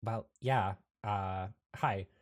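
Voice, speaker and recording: Chatty player voice, lively. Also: sits low, extremely slow. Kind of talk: casual tabletop play.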